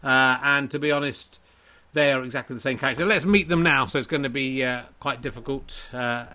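A man's voice: mid-range voice, brisk, sharp tone. A man hosting a comedy stream, rambling and joking at himself, with an English accent. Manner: rambling, playful, self-deprecating. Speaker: host. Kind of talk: comedy livestream commentary.

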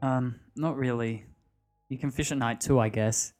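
A man voicing a nervous young man who stumbles over his words while hiding dark intent. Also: mid-range voice, steady tone, measured pace, faint music behind, lightly acted. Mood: hesitant.

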